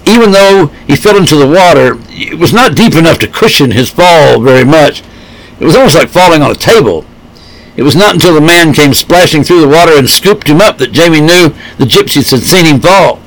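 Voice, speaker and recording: Male storybook narrator, steady measured delivery, light higher voice. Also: low-quality recording. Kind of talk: storybook reading.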